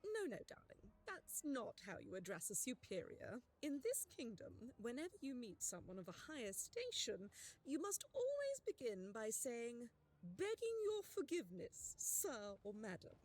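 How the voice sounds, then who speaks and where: A woman's voice: a little high, wildly swooping pitch, measured pace, a little mellow, heavily acted. An actress playing a condescending posh noblewoman who talks in a sweet, patronizing way. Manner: sugary and patronizing.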